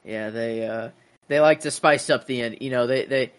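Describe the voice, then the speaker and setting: A man co-hosting a casual podcast, musing about the episode in a halting way with many restarts. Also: mid-range voice, clean tone, dry recording. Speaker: podcast co-host. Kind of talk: casual rewatch podcast chat.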